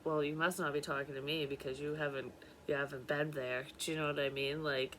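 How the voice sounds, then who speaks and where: A woman, a psychic medium, casually retelling a dream in a blunt, profane, animated way. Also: sits low, brisk, a little hiss or hum. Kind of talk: casual storytelling monologue.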